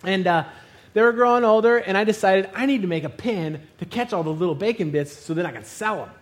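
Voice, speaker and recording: A man preaching a sermon, telling a funny personal story and acting out the scenes with loud exclamations. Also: sits high, brisk. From Arizona.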